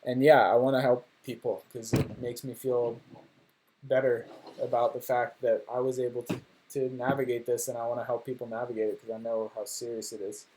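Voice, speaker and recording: A man's voice: mid-range voice, level tone, fairly quick, a little mellow, slight background noise. Rambling joking young man on a livestream. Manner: rambling, joking, self-deprecating. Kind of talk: casual livestream chat. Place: home room.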